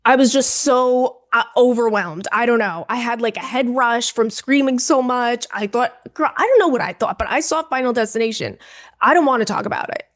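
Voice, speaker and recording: A young woman co-hosting a podcast, telling a story in a casual, animated, dramatic way and calling the listener "girl". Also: on the high side, moderate pace. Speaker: podcast co-host.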